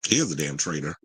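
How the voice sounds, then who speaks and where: A man hosts a casual commentary show and reads out viewer comments with sass and strong opinions. His voice sits low, has a bright, forceful edge and some husky grain. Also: no room sound, poor audio. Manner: animated, sassy, outspoken. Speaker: host.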